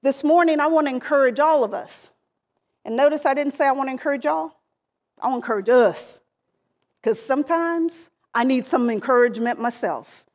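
A woman preaching a sermon, deliberate and emphatic, with phrases that rise and then trail off softly. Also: high-pitched. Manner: slow, deliberate preaching with emphatic rises and soft trailing endings.

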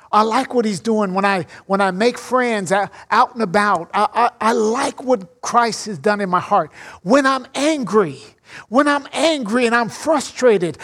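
A middle-aged male pastor with a strikingly high-pitched voice delivers a sermon. He speaks in an earnest, personal way, weaving scripture readings into his own reflections. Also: a bit bright.

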